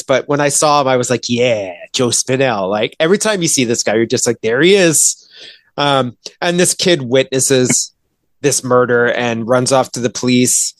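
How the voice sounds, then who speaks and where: A man's voice: medium pitch, no room sound. A man hosting a podcast and reviewing a film in casual chat, rambling with lots of fillers and swearing. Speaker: podcast host reviewing films.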